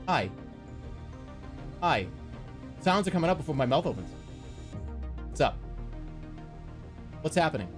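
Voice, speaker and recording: A man chatting casually on a livestream, rambling and incredulous, quick to get worked up. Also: high voice. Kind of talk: casual stream chat.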